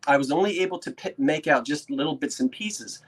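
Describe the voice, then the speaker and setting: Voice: mid-range voice, expressive, brisk, breathy edge. An antiques reseller, chatting casually to a live chat while showing a painting, rambling and laughing often as they build suspense. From South Jersey, USA. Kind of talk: casual show-and-tell talk to a live chat. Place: indoors at a desk with a laptop.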